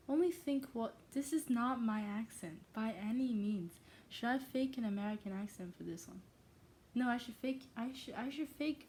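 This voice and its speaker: A woman's voice: a little high, a little mellow, a little hiss or hum. A young woman who is not a native English speaker, reading aloud casually and breaking off to mock herself. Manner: self-interrupting, self-mocking asides. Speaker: reader.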